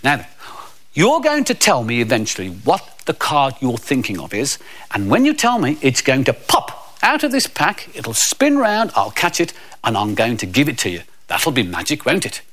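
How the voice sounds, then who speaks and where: A man's voice: mid-range voice, wildly swooping pitch, normal speed, a bit bright. A man voicing a hopeless, over-cheery male children's magician with sing-song showman patter. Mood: coaxing.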